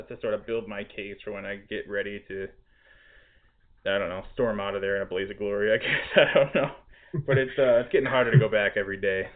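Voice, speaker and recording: Male podcast host, laughing, exasperated storyteller; narrow lo-fi sound. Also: mid-range voice. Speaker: restaurant cook. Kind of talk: casual storytelling chat. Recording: tinny phone-like audio.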